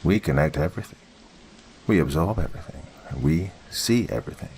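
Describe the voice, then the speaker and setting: A man voicing a menacing tree entity that speaks in a deep, flat monotone. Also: creaky, a little hiss or hum, full character voice. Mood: ominous. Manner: slow, flat, ominous.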